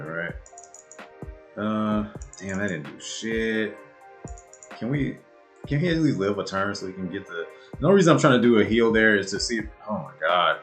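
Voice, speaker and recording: A man giving live commentary on his own game match, swearing often and swinging from low muttering to loud outbursts. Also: expressive, moderate pace, pauses often, music in the background. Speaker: gamer and video creator.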